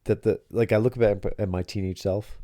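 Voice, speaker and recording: A middle-aged man talks casually with his daughter in a deep voice. He rambles, restarts and gropes for his point. His tone is warm and dark, and the recording is dry. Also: fairly even intonation, a little fast, no room sound. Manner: rambling, searching for words. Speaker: podcast host. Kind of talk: casual father-daughter chat.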